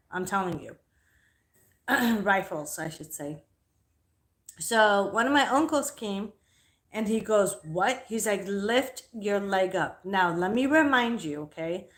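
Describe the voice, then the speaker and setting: A young woman hosting a livestream, telling a story in a casual, animated, profane way. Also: medium pitch, a little slow. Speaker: livestream host.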